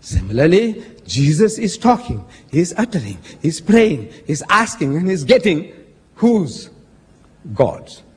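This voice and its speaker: At a measured pace, a man with a slightly high, breathy-edged voice and big pitch swings argues in a public religious debate. Emphatic and pointed, he addresses his opponent as sir and quotes scripture with dramatic stress, while the echoey hall adds long reverb.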